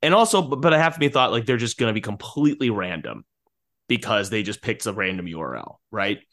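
A podcast co-host chats casually about a film, talking fast in a lowish, fairly bright voice. He's very animated, laughs often and keeps restarting his sentences.

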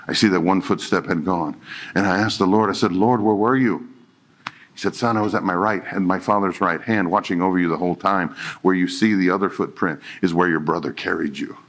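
A man's voice: low-pitched, a bit bright. A middle-aged male pastor giving a conversational sermon, joking and acting out quoted dialogue.

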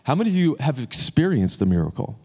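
A pastor preaching in a reverberant hall. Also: male voice, mid-range voice, very animated, fast talker, darkish tone, slightly rough. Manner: conversational, frequent fillers and restarts. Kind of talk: sermon. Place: church sanctuary.

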